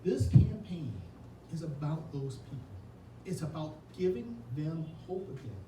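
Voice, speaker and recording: A man's voice: on the high side, animated, measured pace. A man giving an earnest, emotional campaign speech at an indoor reception, telling a personal story. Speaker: Senate candidate. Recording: echoey room, mic far off, noisy.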